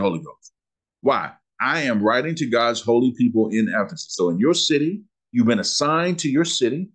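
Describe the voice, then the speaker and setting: Husky preaching man, drawl. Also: medium pitch. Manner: preacherly, asks questions and answers them, slows down on scripture. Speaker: pastor teaching a Bible lesson. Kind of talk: sermon-style Bible teaching.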